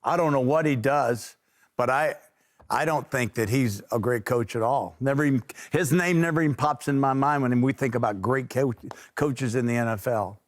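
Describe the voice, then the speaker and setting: A man co-hosting a sports talk show, speaking in a rambling, halting way with many restarts. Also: mid-range voice, no echo, studio quality. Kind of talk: casual sports radio talk.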